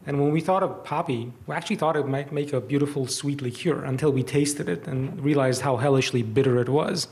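Man explaining his craft, measured. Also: medium pitch, darkish tone. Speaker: distillery owner, guest. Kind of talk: radio interview.

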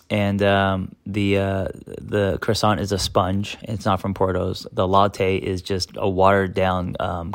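A man's voice: on the low side, no echo, clean studio sound. A middle-aged man from the United States, a therapist hosting a podcast, talking in a candid, rambling self-help monologue full of fillers.

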